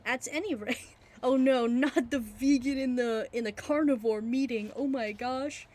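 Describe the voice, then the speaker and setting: High-pitched woman, amateur reader, slow and giggly, trips on long words, hobby audiobook. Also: a little mellow. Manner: giggly, stumbling over hard words. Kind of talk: casual audiobook reading.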